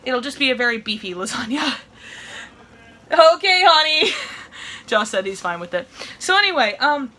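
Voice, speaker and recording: A woman's voice: a little high, lively intonation, pushed and bright. A young woman with a Midwestern accent, chatting in a rambling, giggly way while she cooks. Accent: Midwestern American. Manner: rambling, giggly, fast storytelling. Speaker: vlogger. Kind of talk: casual vlog chat while cooking.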